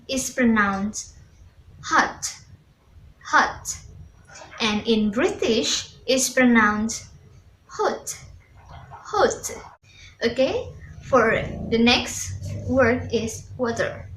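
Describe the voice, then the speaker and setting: Young woman student presenter, slow and halting, slightly high voice, echoey room. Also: a bit bright, a little hiss or hum. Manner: slow, halting explanation with repeated demonstration words. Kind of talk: class presentation on accents.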